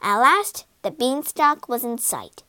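A woman narrating a children's storybook in an expressive, dramatic way. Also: a little high, slow pace, clean tone, no echo.

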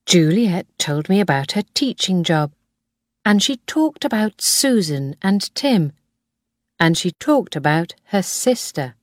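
A woman narrating a graded-reader story in a clear, careful, measured way. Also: lowish voice, sing-song, dry recording, clean studio sound. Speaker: audiobook narrator.

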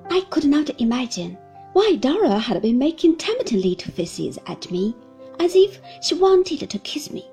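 A woman reading a classic novel aloud as an audiobook narrator, in an expressive, lilting way. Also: fairly high pitch, unhurried, creaky, faint music behind. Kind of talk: scripted narration.

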